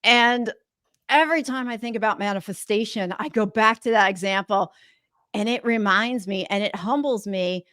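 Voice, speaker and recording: A woman's voice: medium pitch, normal speed, a bit bright, dry recording, studio quality. A woman podcast host from South Carolina, sharing an earnest, reflective story in casual chat.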